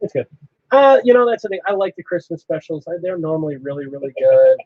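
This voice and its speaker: Husky, easygoing man co-host. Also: fairly high pitch, sing-song, quick pace, no room sound. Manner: easygoing, blunt opinions. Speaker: podcast co-host. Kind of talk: casual fan chat. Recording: dry, slightly muffled lo-fi audio.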